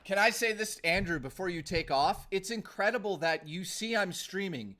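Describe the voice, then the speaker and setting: Streamer, young guy, slightly high-pitched voice; blunt, sweary, rambling live chat. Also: animated, normal speed, bright, forceful tone. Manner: blunt, profane, ranting and rambling.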